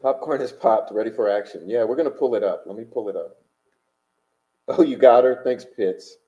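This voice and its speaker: Mellow and mid-range, this man's voice moves at normal speed as he hosts a livestream. He reads out chat messages and super chats in combative, wandering, filler-heavy talk, and the stream audio is dull and lo-fi.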